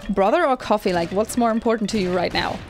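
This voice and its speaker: A woman reading the lines of a dazed game character who rants slowly and loudly about coffee. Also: medium pitch, faint music behind, natural voice. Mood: frantic.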